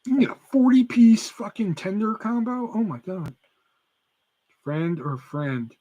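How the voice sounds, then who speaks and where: A man's voice: high-pitched, expressive, measured pace, mellow, slight background noise. A young man, chatting casually and swearing freely on a live stream while reading chat messages aloud. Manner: profane, rambling, reads chat aloud. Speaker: livestream host.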